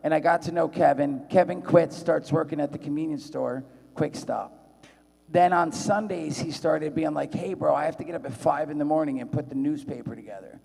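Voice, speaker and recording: A man spins loose, profane stories for a live panel audience. His voice sits a little high and gravelly, and he jumps into excited voices when he quotes people. Everything rings with the long reverb of a big convention hall. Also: a little fast.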